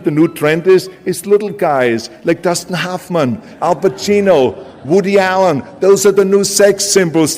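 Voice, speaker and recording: A man's voice: on the high side, a little mellow, natural voice. A man with a German accent imitating a sneering Hollywood agent who mocks a newcomer. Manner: sneering, incredulous, mocking. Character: mocking male Hollywood agent scoffing at a newcomer. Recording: long hall reverb with faint music.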